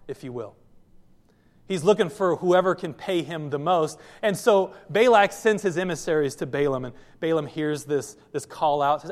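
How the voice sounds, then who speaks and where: A man pastor giving a sermon, telling the story in a lively way and speaking straight to his listeners. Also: fairly high pitch. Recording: long hall reverb.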